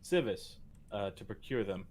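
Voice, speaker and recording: A formal, courteous adventurer, as a man plays him, polite and slightly hesitant. His voice is fairly low. He sounds like a careful diplomat in a tabletop game. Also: animated, moderate pace, darkish tone, a little hiss or hum, lightly acted.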